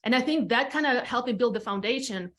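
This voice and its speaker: A woman's voice: on the high side, a little fast, fairly bright tone. A woman in her thirties from Latvia with a Latvian accent, telling her story as a podcast guest in a frank, chatty way, swearing casually and repeating phrases for emphasis. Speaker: podcast guest, real estate team leader. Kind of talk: candid storytelling chat.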